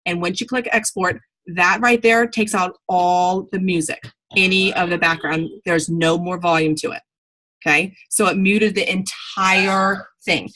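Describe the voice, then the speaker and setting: A woman at home, chatting casually to camera as a sales consultant, animated and full of fillers. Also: fairly low pitch, unhurried, rough recording. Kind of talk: casual tips chat to camera.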